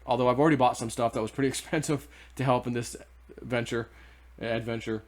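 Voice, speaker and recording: A man's voice: medium pitch, steady tone, brisk, few pauses, darkish tone. A man casually telling a personal story to his viewers, rambling with restarts and asides. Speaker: vlogger.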